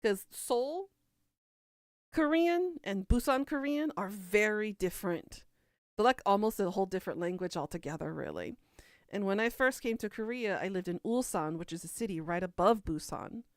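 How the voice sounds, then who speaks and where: A woman's voice: medium pitch, animated, normal speed, no room sound, clean studio sound. A woman from Kentucky with a Southern US accent, chatting casually as a podcast host and answering viewer comments in a rambling way. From Kentucky, USA. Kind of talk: casual chat.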